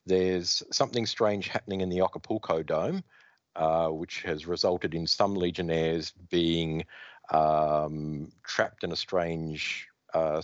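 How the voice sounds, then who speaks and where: A man hosting a casual comic book podcast, reading out credits and panels in an animated storytelling manner, with a dull, dry recording sound. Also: deep voice, dry recording. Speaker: podcast host.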